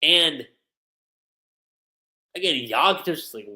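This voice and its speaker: A man casually reviewing a manga chapter on a livestream, retelling the scenes with slangy, animated commentary and quoted lines. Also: on the high side, unhurried, long pauses. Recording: roomy echo.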